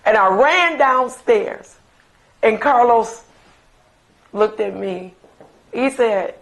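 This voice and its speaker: Slow-spoken middle-aged mother reminiscing. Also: a little high, creaky, a bit bright, poor audio. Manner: slow, emphatic reminiscing with fond asides. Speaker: mother remembering her late son. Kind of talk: recorded interview, personal storytelling.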